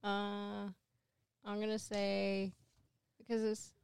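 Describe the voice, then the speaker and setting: Woman, podcast judge; hesitant, giggly, filler-heavy; very smooth clean tone. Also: medium pitch, monotone, takes it slowly, a little mellow, no room sound. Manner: hesitant, full of fillers, laughs easily. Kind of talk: casual podcast chat.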